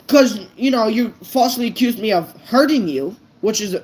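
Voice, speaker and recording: A woman's voice: a little high, animated, normal speed, darkish tone, a little hiss or hum, rough recording. A woman vlogger ranting unscripted to her viewers, blunt and profane, stumbling over her words. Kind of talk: unscripted rant to camera.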